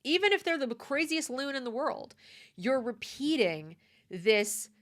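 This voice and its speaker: A woman's voice: high voice, big pitch swings, a little slow, a bit bright. A woman delivering a conversational opinion monologue, emphatic and prone to repeating her points. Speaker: commentator.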